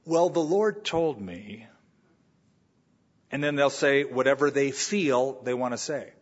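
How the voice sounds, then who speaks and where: Husky pastor guy preaching in church, bit muffled recording, acts out quotes. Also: a little high, a bit bright. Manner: storytelling, acts out quoted voices. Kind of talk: sermon. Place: church sanctuary.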